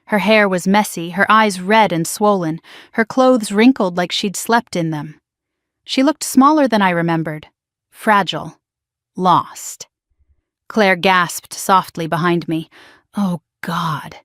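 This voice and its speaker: A woman narrating a dramatic first-person family story in a hushed, emotional way on a close mic. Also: lowish voice, measured pace, no echo.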